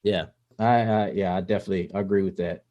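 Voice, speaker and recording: A man's voice: low-pitched, fairly even intonation, quick pace, warm tone, dull audio. A man co-hosting a casual podcast, a parent of kids, talking in a rambling way with many restarts and filler phrases. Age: adult parent. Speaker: podcast co-host.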